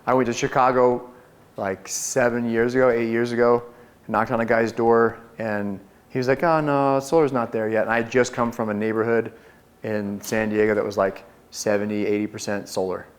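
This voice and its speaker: Confident, energetic man giving a sales training talk. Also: normal speed. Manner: energetic, confident, acts out door pitches.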